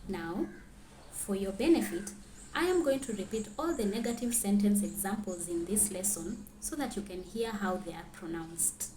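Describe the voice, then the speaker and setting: A woman's voice: medium pitch, lively intonation, moderate pace, warm tone, a little hiss or hum. Woman, language teacher, careful explanations, roomy echo. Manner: clear, careful, reads French examples then translates. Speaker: French teacher. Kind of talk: explaining grammar lesson.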